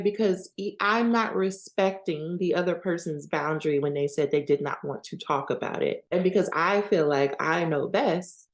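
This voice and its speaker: A woman's voice: fairly low pitch, creaky, a little mellow. A woman hosting a self-help podcast, speaking candidly about her own experiences in a conversational way and often checking in with "right?". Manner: candid and personal. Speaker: podcast host. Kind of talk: reflective self-help talk.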